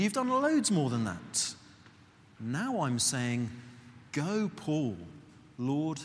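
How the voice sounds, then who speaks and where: A man preaching a sermon in a conversational, earnest way, slowing and softening his voice for emphasis. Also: mid-range voice. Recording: long hall reverb, faint background noise.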